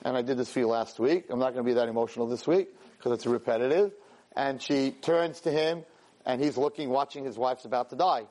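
This man's mid-range voice runs a little fast as he teaches his weekly class through an animated story. Full of energy, he trips over words, repeats himself, and performs each character's dialogue.

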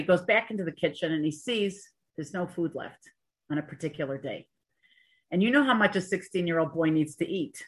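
A woman's voice: medium pitch, fairly bright tone, slightly rough. A woman giving an earnest storytelling Torah talk, mixing in Hebrew and Yiddish terms with chatty asides. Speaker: Torah teacher.

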